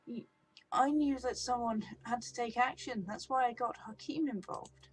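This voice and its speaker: A woman's voice: a little high, moderate pace, husky, voice pushed up. A woman voicing a defiant, upset young woman who talks urgently with a raised voice.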